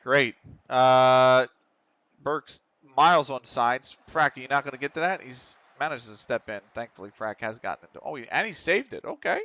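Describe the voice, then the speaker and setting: A man's voice: medium pitch, normal speed, a bit bright, no echo. A man streaming a football management game, reacting live, swearing and calling out to the players on screen.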